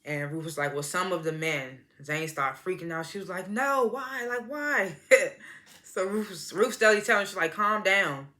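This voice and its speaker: A woman's voice: lowish voice, moderate pace, bright, forceful tone. Chatty woman recapping a TV drama. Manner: chatty, laughs often, retells scenes in quoted voices. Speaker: TV show reviewer. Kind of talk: casual recap and review.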